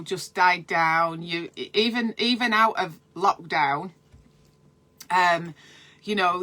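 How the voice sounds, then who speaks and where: A woman's voice: fairly low pitch, bright, forceful tone. A woman midwife, giving chatty, encouraging advice in a casual live stream and talking straight to her viewers.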